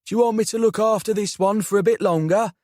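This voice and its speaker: A man's voice: high-pitched, fast talker, a little mellow, dry recording, clean studio sound, pitched above the performer's own voice, close to an everyday voice. A man voicing a brash, teasing middle-aged uncle with a South London accent. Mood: coaxing. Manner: cheeky, teasing.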